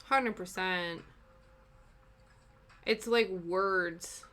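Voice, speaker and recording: This is a young woman with a British accent worn soft by long years in Canada. She is hosting a relaxed cross-stitch live stream. Her voice is bright and sunny, and her talk is rambling and chatty, full of fillers and quick laughs. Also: on the low side. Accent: British, softened by long years in Canada. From Britain.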